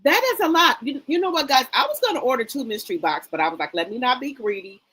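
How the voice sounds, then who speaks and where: A woman's voice: a little high, sing-song, fast talker, fairly bright tone, husky, poor audio. A middle-aged woman hosting a casual livestream, greeting viewers by name and chatting loosely with lots of fillers. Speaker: livestream host. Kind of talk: casual live chat reading viewer comments.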